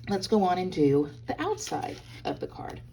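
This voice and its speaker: Chatty, lively woman crafting host. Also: on the low side, moderate pace, slight background noise. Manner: chatty, bubbly, talks straight to viewers. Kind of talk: hands-on crafting tutorial. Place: hotel room.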